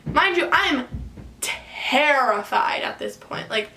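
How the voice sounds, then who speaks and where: Animated young woman telling a story. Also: sits high, takes it slowly. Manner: animated, frequent "like" fillers. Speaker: vlogger telling a personal story. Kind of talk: casual storytime. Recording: echoey room, distant mic, faint ambience.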